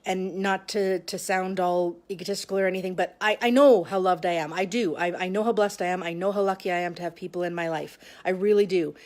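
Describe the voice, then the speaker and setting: Halting, emotional woman vlogger. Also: fairly low pitch, steady tone, a little mellow. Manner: halting, with frequent restarts and long pauses. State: emotional, close to tears. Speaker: vlogger sharing a personal story. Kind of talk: personal confessional talk to camera.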